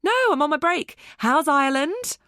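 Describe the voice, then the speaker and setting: A woman's voice: high-pitched, moderate pace, sharp tone, dry recording, clean studio sound, voice pushed up. A sing-song, bubbly girlfriend. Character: cheerful sing-song young woman friend.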